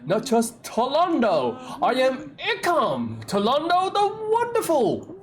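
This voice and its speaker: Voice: sits high, wildly swooping pitch, voice pushed up, exaggerated voice. Streamer voicing a pompous bard with a soaring voice. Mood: grandiose. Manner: grandiose, drawn-out theatrical declaiming. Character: flamboyant self-important male poet-bard. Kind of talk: voicing game dialogue.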